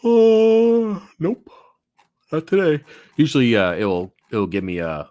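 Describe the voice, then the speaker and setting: Young man, low voice, dry close sound; casual live-stream host who rambles, swears and wanders off topic. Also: big pitch swings, a little slow, a little mellow, no echo. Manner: rambling, profane, easily sidetracked, reads chat aloud. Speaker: livestream host answering viewer questions.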